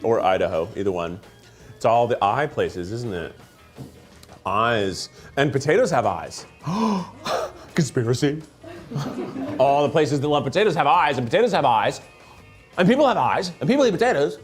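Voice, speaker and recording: Soft background music accompanies a male host whose mid-range voice makes big pitch swings. Tasting food from a studio conveyor belt, he keeps things casual, jokey and rambling, laughing easily as he goes.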